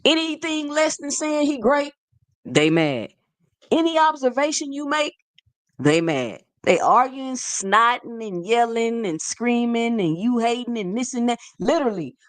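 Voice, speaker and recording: Animated, sassy woman commentator in her thirties; slangy, repetitive delivery; dry close-miked sound. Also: a little high, no room sound. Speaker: boxing commentary vlogger. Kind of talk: casual opinion monologue.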